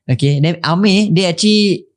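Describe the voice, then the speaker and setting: A man's voice: high voice, moderate pace. A Singaporean man hosting a casual podcast, steering the talk and mixing Malay and English. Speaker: podcast host. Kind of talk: casual chat.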